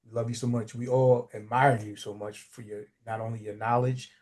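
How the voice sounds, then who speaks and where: A man with a mellow, relaxed tone talks casually and sincerely to a friend in a live chat. He keeps it informal and friendly throughout. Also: mid-range voice, a little fast. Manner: casual and sincere, calls people bro and man.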